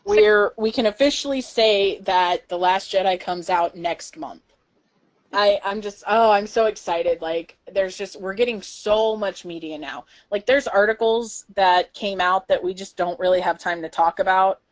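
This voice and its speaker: A young woman co-hosting a casual podcast, talking excitedly and chattily with plenty of fillers. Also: mid-range voice, measured pace. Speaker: podcast co-host.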